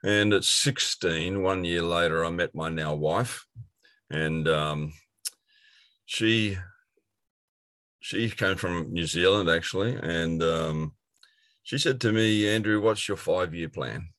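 In an interview, a middle-aged Australian man appearing as a guest shares his personal story earnestly and ramblingly, with many "um"s, false starts and restarts. His voice is strikingly deep and low yet fairly bright in tone, and he speaks slowly with long pauses. The recording is dry and close, with no room sound around it.

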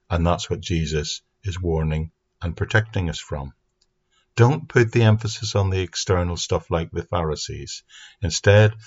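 A man giving an earnest, steady Bible teaching talk into a microphone for an online audience. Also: sits low. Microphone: speaking into a mic. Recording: dull lo-fi sound.

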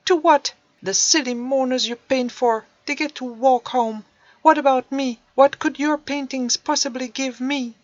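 A woman's voice: high-pitched, normal speed, few pauses, dry recording, voice pushed up, close to an everyday voice. A woman reading a storybook aloud, voicing a bitter teenage boy in a wheelchair who spits out accusing questions. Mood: angry. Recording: dull dry recording.

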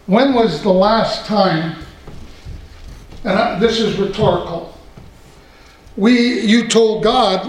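A middle-aged man preaching a sermon in a folksy way, slowing down to repeat key points. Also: high voice. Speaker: pastor. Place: church. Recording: echoey church room.

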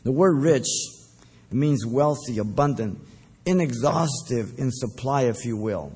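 A man preaching verse by verse, deliberate and emphatic, with occasional fillers. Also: mid-range voice, animated, dark tone, breathy edge. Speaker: pastor. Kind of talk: verse-by-verse Bible teaching.

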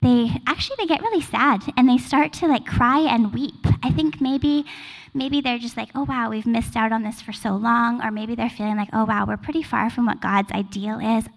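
A woman pastor in her forties preaches in a relaxed, chatty way, filling her sentences with casual asides. Her voice sits fairly high with a gravelly fry. It rings out with the long reverb of a church hall. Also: moderate pace. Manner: casual, chatty, filler-heavy. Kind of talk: sermon.

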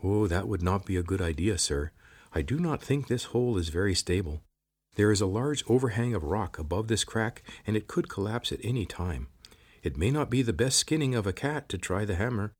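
This is a polite, formal cave creature who addresses the hero as sir, as a male narrator puts him on. The speech is stiff and precise, lifted above a low, husky voice. It sounds like an audiobook character voice. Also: animated, brisk, darkish tone. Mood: formal, earnest.

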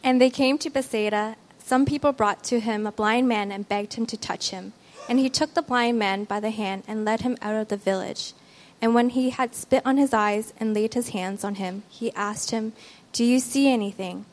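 A woman reading a Bible passage aloud in a church in a steady, careful way. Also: fairly high pitch, moderate pace. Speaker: scripture reader.

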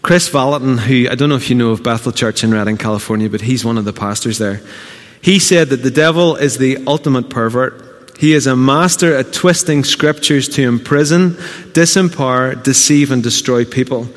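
A man preaching a sermon as a pastor, earnest and emphatic with dramatic pauses. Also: mid-range voice. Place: church auditorium. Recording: long reverb of a church hall.

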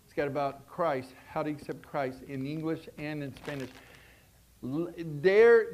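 A man with a notably high voice preaches a sermon to his congregation. He is lively and animated, often restarting his sentences and dropping from loud bursts into quiet, hushed asides. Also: measured pace. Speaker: pastor.

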